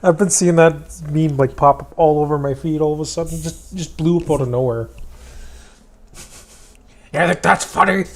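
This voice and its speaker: A man's voice: fairly high pitch, normal speed, long pauses. A man chatting with the stream host, joking around and laughing a lot. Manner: jokey, laughs a lot, tries silly voices. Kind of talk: casual chat.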